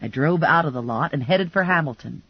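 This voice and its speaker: A woman narrating a first-person crime comedy audiobook in a lively, wry storytelling manner. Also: low-pitched, brisk, slightly rough, no echo, muffled recording.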